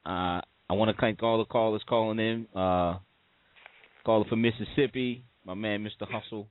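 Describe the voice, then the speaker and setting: A man hosting a talk radio show, thanking his guest and callers in a relaxed way. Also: fairly low pitch, moderate pace. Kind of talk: radio sign-off. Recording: dry, phone-like radio audio.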